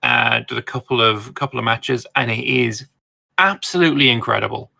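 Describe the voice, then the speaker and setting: A man co-hosting a casual gaming podcast, talking excitedly and swearing casually. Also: medium pitch, brisk, vocal fry. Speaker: podcast co-host.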